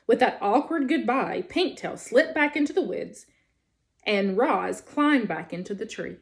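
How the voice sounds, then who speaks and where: Expressive woman reading a storybook aloud. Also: a little high, a little slow.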